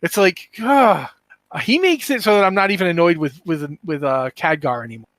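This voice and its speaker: Host, man, slightly high voice, dry close mic, animated and rambling. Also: moderate pace, no echo. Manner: animated, rambling, self-interrupting. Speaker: podcast host. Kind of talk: casual podcast chat.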